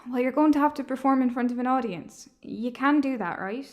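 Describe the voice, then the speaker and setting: A woman voicing a lonely young woman who plans an opera, talking in a blunt, defensive way in an animated film. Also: sits high, brisk, dull audio, natural voice.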